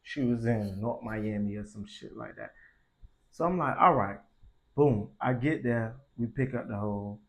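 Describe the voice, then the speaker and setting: A man's voice: medium pitch, unhurried. A young man telling a story casually, in slangy and profane speech that grows heated. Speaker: vlogger.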